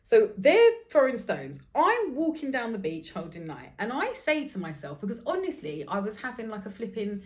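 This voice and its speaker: A woman in her thirties, a podcast host telling a story in a casual monologue, animated and quick to laugh, swearing freely. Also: a little high.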